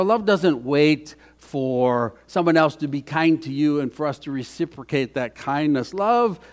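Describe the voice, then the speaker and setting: A middle-aged man preaching a conversational sermon as pastor, folksy and chatty, with frequent restarts. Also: a little high.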